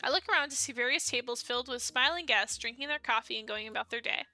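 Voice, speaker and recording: A woman's voice: fairly high pitch, fast, pushed and bright, faint music behind. A young woman streamer reading a dating sim aloud in first person and reacting with playful, laughing asides.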